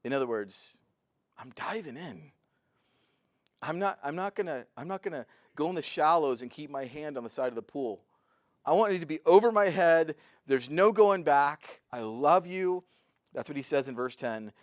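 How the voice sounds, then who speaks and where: A man teaching a verse-by-verse Bible lesson in an earnest, preacherly way that swells into excited fervor. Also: a little high, normal speed, no echo, studio quality.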